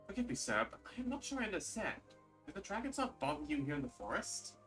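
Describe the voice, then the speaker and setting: A man's voice: high-pitched, very animated, fast, gravelly, fairly bright tone, far from the mic, soft background music, heavily acted, low-quality recording. A man voicing an earnest young male scholar who speaks formally and politely.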